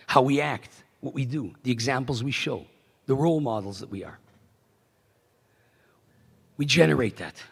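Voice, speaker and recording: A middle-aged man, a rabbi giving a keynote address, telling stories in an animated way that swings from hushed to emphatic. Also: mid-range voice, gravelly, slightly rough. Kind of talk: storytelling speech. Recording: echoey banquet hall PA.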